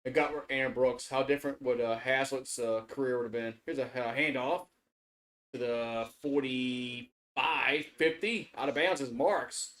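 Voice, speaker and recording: A man's voice: medium pitch, steady tone, moderate pace, fairly bright tone. A man giving casual live play-by-play and reaction on a stream, rambling with repeated restarts, cursing and getting worked up. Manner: rambling, repetitive restarts, swearing, gets worked up.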